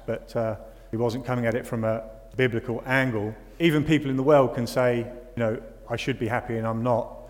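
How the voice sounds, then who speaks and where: Man preaching in a reverberant hall. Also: medium pitch. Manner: conversational, asks rhetorical questions. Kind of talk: sermon.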